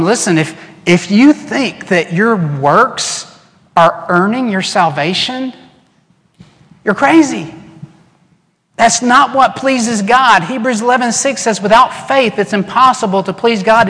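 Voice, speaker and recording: A male pastor delivers an animated sermon from a church sanctuary, his somewhat high voice ringing with long reverb. He swings between lively acted-out quotes and quiet, earnest passages. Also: measured pace. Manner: animated preaching, acts out quoted voices, drops to soft earnest tones. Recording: long reverb in a large hall.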